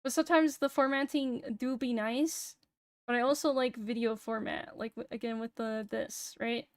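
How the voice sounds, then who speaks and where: A young woman streamer chats on a close, dry mic, with a high, light voice. She swears freely, laughs easily, and jokes at her own expense. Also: fairly even intonation, moderate pace, no echo. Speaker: VTuber streamer. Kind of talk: casual stream chat.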